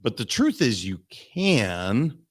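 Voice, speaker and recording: A man, a guest coach in a podcast interview, telling stories in an animated way and acting out the people he quotes. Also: mid-range voice, takes it slowly. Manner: animated storytelling, acts out voices in quotes. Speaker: guest, mindset and business coach.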